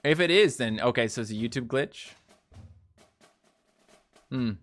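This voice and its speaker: A man's voice: medium pitch, animated, measured pace, fairly bright tone, soft background music. A young man live-streaming a mobile game, chatting loosely and answering viewer comments as he plays. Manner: coaxing the game on, repeating short phrases.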